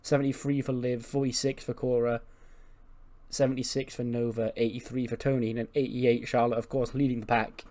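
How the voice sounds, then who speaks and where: A man's voice: mid-range voice, flat delivery, fairly quick, warm tone. A man hosting a playthrough, giving chatty, laughing commentary on a wrestling management game. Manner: chatty, laughing, recaps results. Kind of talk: casual commentary on a wrestling sim.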